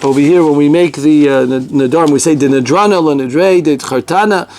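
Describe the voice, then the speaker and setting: A man teaching a conversational halacha lesson, animated and talkative, mixing Hebrew and Yiddish terms into his English. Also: on the high side, fairly quick, a little hiss or hum. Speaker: Torah teacher.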